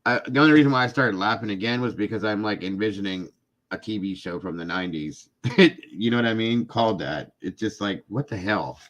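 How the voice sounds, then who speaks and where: A man's voice: lowish voice, brisk, fairly bright tone. A middle-aged man hosting a casual live stream, chatting with viewers and often breaking into laughing fits. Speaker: livestream host chatting with viewers.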